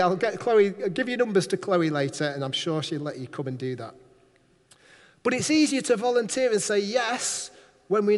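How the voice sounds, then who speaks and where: Preacher, male, high voice, animated and playful, big hall reverb. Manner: lively, playful, acts out quoted voices. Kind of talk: sermon.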